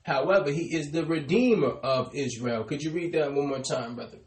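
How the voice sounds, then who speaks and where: A man preaching a sermon, calling out "brothers and sisters" and slowing down to stress key words. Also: on the high side, echoey room. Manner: addresses "brothers and sisters" often, trailing off softly. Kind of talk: sermon with scripture call-and-response.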